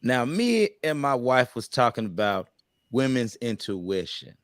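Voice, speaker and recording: A man's voice: mid-range voice, very animated, measured pace, no room sound, studio quality. A man co-hosting a casual relationship panel discussion, emphatic and preachy, with loose vernacular speech. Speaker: podcast co-host.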